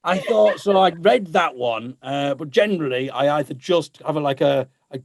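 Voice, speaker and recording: A man's voice: a little high, normal speed, creaky, very noisy. A man, a guest musician chatting casually and laughing often at himself. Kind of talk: casual chat.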